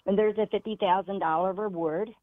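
A woman's voice: medium pitch, steady tone, a little fast, dry recording. A middle-aged woman speaking as a guest caller in an interview, earnest and determined. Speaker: grieving parent, guest caller. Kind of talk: emotional interview talk. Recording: tinny phone line, dry.

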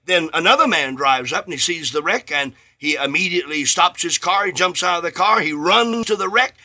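High, bright-voiced emphatic preacher man. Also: lively intonation, brisk. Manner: emphatic preaching with sudden swells and hushed drops; acts out bits of dialogue in his sermon. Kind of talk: radio sermon.

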